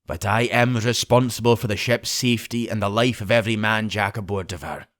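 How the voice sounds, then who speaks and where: Man doing a stern, clipped sea captain for a storybook reading, lowish voice, dry close sound. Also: fairly bright tone, no room sound, natural voice. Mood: firm. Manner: clipped, deliberate, firm. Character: stern blunt middle-aged male sea captain.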